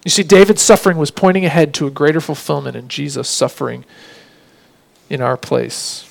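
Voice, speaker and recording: A man preaching a sermon, earnest, slowing down to read scripture lines with emphasis. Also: fairly high pitch, fairly even intonation, gravelly, low-quality recording. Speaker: pastor.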